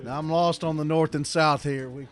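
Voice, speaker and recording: A man doing color commentary at a high school football game, wry and teasing, often stopping to restart. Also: fairly even intonation, moderate pace.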